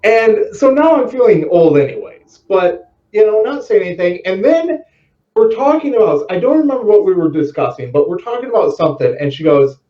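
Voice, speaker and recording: A middle-aged man telling stories as a podcast guest, lively and acting out the voices in his anecdotes. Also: high-pitched, a little fast. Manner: lively storyteller, acts out quotes. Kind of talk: casual chat, storytelling. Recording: roomy, distant, dull lo-fi mic.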